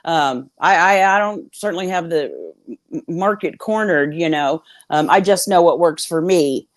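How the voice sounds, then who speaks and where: A woman's voice: fairly low pitch, expressive, normal speed, dry recording, studio quality. A woman appearing as a guest on a streamed talk show, speaking sincerely and plainly over a remote call. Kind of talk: casual chat.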